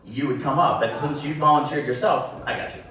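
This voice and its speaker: A man's voice: medium pitch, fairly even intonation, a little fast, crowd noise. A man doing live sideshow stage patter with a volunteer, joking and self-deprecating as he rambles through his act. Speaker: sideshow performer. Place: live show venue with audience. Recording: echoey room, distant mic, background noise.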